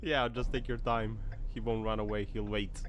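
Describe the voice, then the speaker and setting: A man's voice: lowish voice, level tone, moderate pace, a little hiss or hum. A man commenting over dashcam clips with a joking, mocking tone, laughing often and putting on silly voices. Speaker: video commentator.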